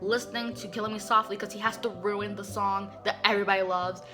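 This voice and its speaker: A woman hosting a casual comic recap, talking in a chatty, animated way with many fillers. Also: medium pitch, fast talker, over music.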